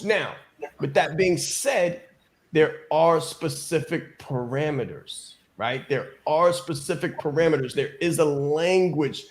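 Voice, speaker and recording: A man's voice: fairly high pitch, a little mellow. A man giving an emphatic motivational business coaching talk on a call, repeating key phrases and often asking "right?".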